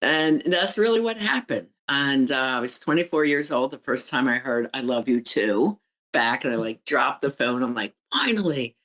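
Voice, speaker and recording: A woman's voice: very deep voice, normal speed, fairly bright tone, rough recording. Candid woman sharing personal stories. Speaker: guest, relationship coach and author. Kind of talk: podcast interview storytelling.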